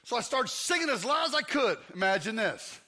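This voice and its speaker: Bright-voiced high man preaching. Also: sing-song, fairly quick. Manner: comic storytelling, acts out scenes. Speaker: pastor. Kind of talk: sermon. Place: church.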